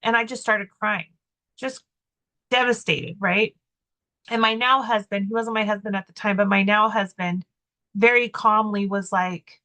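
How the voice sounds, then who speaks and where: A woman's voice: mid-range voice, steady tone, measured pace, bright, forceful tone. A woman co-hosting a podcast, telling a personal story in casual chat, rambling with lots of fillers and restarts, candid and self-mocking. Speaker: podcast co-host.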